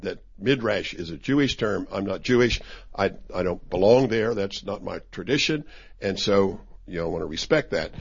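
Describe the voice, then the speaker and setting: A man's voice: on the low side, breathy edge. A man giving an informal Bible study talk in a conversational, wry way, with many restarts. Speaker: teacher. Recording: dull lo-fi recording.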